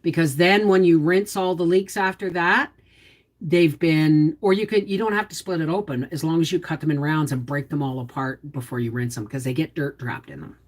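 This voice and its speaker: A woman with a low-pitched voice hosts a casual homestead livestream at normal speed. In a folksy, down-to-earth way, she explains cooking and gardening and answers viewers.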